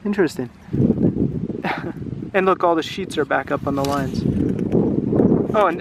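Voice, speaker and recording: Lively man reading a storybook outdoors in wind. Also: on the high side. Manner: lively, chatty, asks the listener questions. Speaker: English teacher reading to children. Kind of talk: read-aloud storytelling with questions. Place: outdoors by water. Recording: loud wind noise outdoors.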